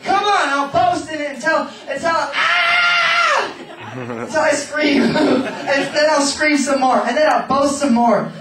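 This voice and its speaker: A man preaching in a big echoing hall, his high voice carrying from a distance off the mic. He laughs through his words, shouts, and slips into nonsense chants at a revival meeting. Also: moderate pace, heavy background noise. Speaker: traveling minister. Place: large hall at a revival event. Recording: echoey hall, voice from far off.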